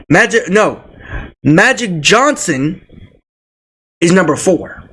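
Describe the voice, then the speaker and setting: A man's voice: high-pitched, lively intonation, measured pace, long pauses, fairly bright tone, rough recording. A young man ranting casually about basketball, teasing and laughing often, with frequent repeated words. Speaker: sports vlogger.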